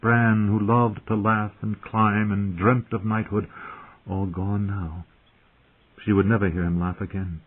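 Husky-voiced male audiobook narrator. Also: on the low side, little pitch movement. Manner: measured, dramatic storytelling. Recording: tinny phone-like audio.

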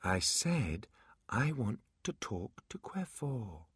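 A man voicing a timid little male imp with a high, squeaky voice in a storybook reading. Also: sing-song, brisk, husky, dry recording, studio quality. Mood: determined.

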